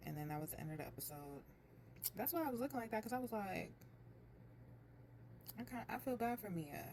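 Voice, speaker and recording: A young woman chatting casually as she recaps a reality show, telling it in a lively way and slipping into other people's voices. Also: medium pitch, a little fast, slight background noise. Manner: chatty, animated retelling with quoted voices.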